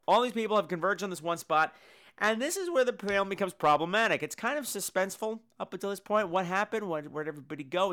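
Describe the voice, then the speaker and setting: A man's voice: high-pitched, a bit bright, clear, resonant tone. A man hosting a casual, comedic movie review show, full of campy, sarcastic asides. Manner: breaks into sung and squealed impressions.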